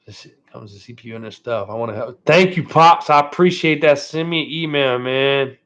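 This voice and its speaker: A man's voice: medium pitch, brisk, a bit bright. A man hosting a casual live stream from home. He chats with viewers in a laid-back way, keeps thanking them and ends his phrases with "man". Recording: dull lo-fi stream audio.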